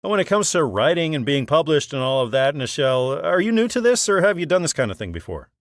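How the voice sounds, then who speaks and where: A man's voice: on the high side, very animated, fast, dry recording, clean studio sound. A man hosting an author interview, encouraging and friendly, laughing along with his guest. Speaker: podcast host.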